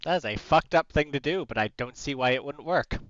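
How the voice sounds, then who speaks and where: A man's voice: medium pitch, lively intonation, fairly quick, fairly bright tone, no echo. A man playing in a tabletop game, talking bluntly with a wry edge. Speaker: player. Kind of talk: casual tabletop play. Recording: muffled lo-fi mic.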